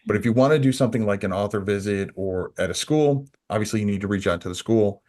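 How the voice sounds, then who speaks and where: Brief: male podcast co-host, lowish voice, loose rambling delivery. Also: fast, darkish tone. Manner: rambling, many restarts and "you know". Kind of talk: casual podcast chat.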